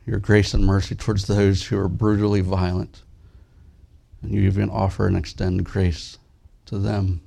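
Male pastor, low gravelly voice, earnest sermon delivery with a lifted scripture reading. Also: level tone. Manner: earnest, rises and grows louder when reading scripture; drops soft and slow in prayer.

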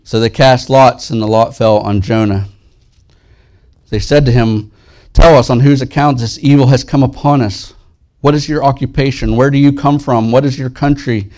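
A man preaching a sermon as pastor, soft and slow in prayer, lifting his voice when he reads scripture aloud. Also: medium pitch, steady tone. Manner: earnest, rises and grows louder when reading scripture.

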